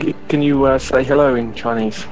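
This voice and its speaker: A man's voice: medium pitch, fairly even intonation, a little fast, a little mellow, highs cut off, faint music behind. A man, a podcast guest who tells self-deprecating stories in a casual chat and laughs at himself. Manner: chatty, self-deprecating storyteller, laughs often.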